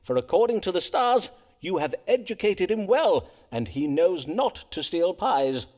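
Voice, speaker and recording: A florid Elizabethan doctor-astrologer. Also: male voice, high-pitched, sing-song, darkish tone. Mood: playful. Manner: archaic, florid phrasing with theatrical pauses. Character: Elizabethan male astrologer-physician, pompous and theatrical. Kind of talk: voiced game dialogue in Elizabethan English.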